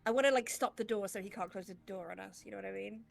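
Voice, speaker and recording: A woman playing a tabletop role-playing game, talking in a hesitant, rambling, excitable way. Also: medium pitch, racing, gravelly, soft background music. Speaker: player. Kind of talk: casual tabletop game chat.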